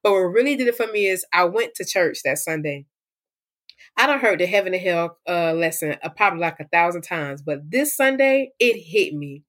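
A woman's voice: on the low side, brisk, a bit bright. A young woman giving a candid, emotional personal testimony as a guest in a conversational interview.

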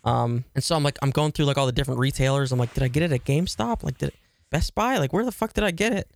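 A man's voice: medium pitch, fast talker, vocal fry. A man co-hosting a podcast, telling a long story in casual chat with lots of fillers, restarts and swearing. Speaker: podcast co-host.

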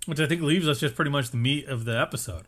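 A man's voice: medium pitch, fast talker, a bit bright. A man co-hosting a podcast, recapping a TV episode in casual chat with wry, joking asides. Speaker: podcast co-host.

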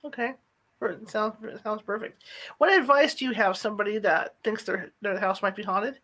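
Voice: mid-range voice, normal speed, bright, forceful tone. An interviewer asking casual questions, with fillers and repeated words.

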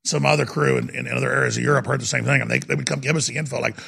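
A man hosting a call-in radio show, talking in a forceful, emphatic way and agreeing loudly with callers. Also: medium pitch, fairly even intonation, very fast. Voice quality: gravelly, raspy. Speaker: radio talk show host.

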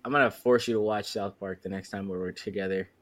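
A man from Queens with a New York accent, co-hosting a casual podcast and talking in an animated, swearing way. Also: fairly low pitch, brisk, dry recording. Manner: animated, swearing, lively storytelling. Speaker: podcast co-host. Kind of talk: casual chat.

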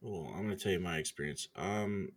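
A man's voice: deep voice, a little fast. A man telling a story in casual chat, laid-back and profane, laughing along as he talks.

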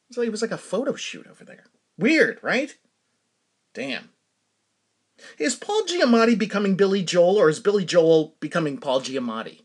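A man's voice: a little high, big pitch swings, normal speed, husky. A middle-aged man from Massachusetts hosting a podcast, telling rambling stories in casual chat and laughing often. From Massachusetts, USA. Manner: rambling storytelling with frequent laughs. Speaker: podcast host. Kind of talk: casual solo monologue.

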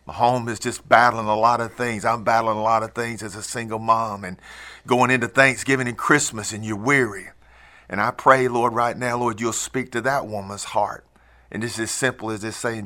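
A man with a low, bright, forward voice speaks earnestly to listeners. He talks in a folksy, pleading way as he leads them through a heartfelt prayer. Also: steady tone, moderate pace. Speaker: host of a Christian trucking program. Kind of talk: prayer and invitation to faith.

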